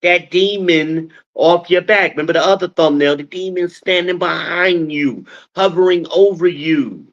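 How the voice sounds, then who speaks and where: A middle-aged man hosting his own stream, talking in an animated, scolding, preacher-like way. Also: fairly high pitch, a little slow, hardly any pauses, lo-fi sound. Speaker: podcast host. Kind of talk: casual streamed monologue, preaching.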